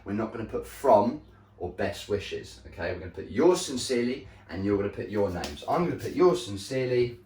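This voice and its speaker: A male primary school teacher giving a slow, deliberate recorded lesson to young children, often checking in with "okay?". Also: fairly low pitch, very animated, darkish tone, slight background noise. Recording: echoey room, voice a bit far from mic.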